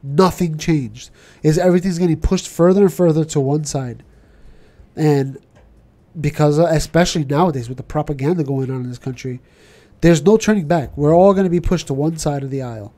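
A man with a New York accent, co-hosting a podcast in casual chat and ranting with animated questions. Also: on the high side, fairly quick. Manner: animated, ranting, keeps asking "you know what I'm saying". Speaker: podcast co-host.

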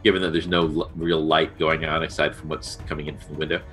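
A man's voice: rumbling low, level tone, fast, fairly bright tone, faint music behind. A man playing a tabletop role-playing game, asking questions hesitantly about what his character sees. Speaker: player. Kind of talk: casual tabletop play.

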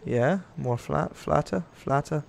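A man's voice: a little high, takes it slowly, vocal fry, a little hiss or hum. A young man giving casual, rambling commentary over a game, talking to the animals on screen and getting exasperated with them. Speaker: gaming YouTuber.

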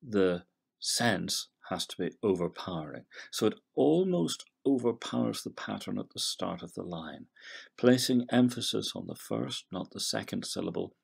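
A middle-aged man, a literature professor giving a recorded poetry lecture in a measured, analytical way, trailing off softly at the ends of phrases. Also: on the low side, sing-song, creaky, slightly rough. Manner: scans verse syllable by syllable.

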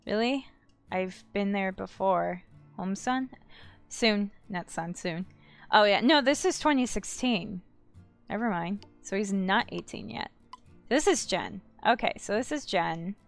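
A woman's voice: mid-range voice, animated, unhurried, vocal fry, faint music behind. A woman casually commenting on a game as she plays, reading its texts aloud, chatty and giggly, often correcting herself. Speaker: let's play gamer.

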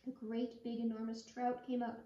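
A woman reads a picture book aloud with lively expression, her voice sitting high. The recording is dull and lo-fi, picked up from a distance in a roomy space. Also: normal speed. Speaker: children's storyteller.

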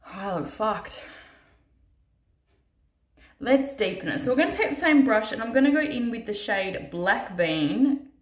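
A woman's voice: a little high, very animated, measured pace, pauses often. Tired, swearing woman in a roomy space. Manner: chatty, swears casually, self-mocking asides. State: tired from little sleep. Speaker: makeup artist doing a tutorial. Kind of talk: casual makeup tutorial chat. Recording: roomy echo.

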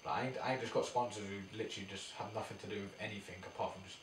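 A man's voice: fairly low pitch, fairly even intonation, very fast, fairly bright tone, slight background noise. A man chatting casually as a boxer guest, in laid-back, slangy banter. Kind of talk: casual chat. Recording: echoey room, mic at a distance.

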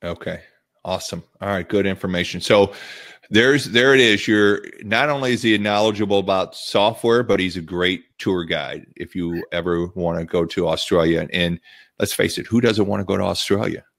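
A man's voice: deep voice, moderate pace, creaky, a bit bright. A man hosting a podcast, wrapping up an interview in an upbeat, chatty way with many fillers. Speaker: podcast host. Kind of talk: casual interview chat.

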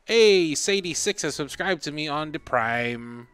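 A man's voice: fairly high pitch, expressive, measured pace, fairly bright tone, clean tone, dry recording, soft background music. A man casually commenting while he streams a video game, playful and thanking viewers.

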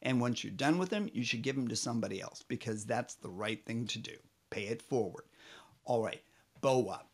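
A man's voice: mid-range voice, expressive, brisk, slightly rough. A man teaching a children's music lesson, playful and rambling, singing short phrases and often correcting himself. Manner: drums on a table.

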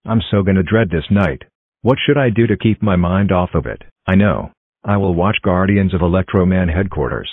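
A man's voice: deep voice, expressive, moderate pace, no echo, phone-quality sound. A male computer voice playing a whiny, petulant cartoon boy who throws tantrums. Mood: scheming.

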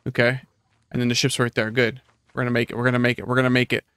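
A man hosting a casual gameplay session, excitable and laughing often as he chats with friends. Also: medium pitch, rapid-fire, clear, resonant tone, no echo, studio quality. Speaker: gaming channel host.

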